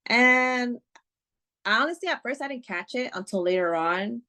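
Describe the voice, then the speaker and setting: Speaking at a measured pace in a lowish, fairly bright voice, a woman on a podcast relates a personal experience during casual talk. Her telling is emotional, peppered with swearing and heavy use of "like" and "you know."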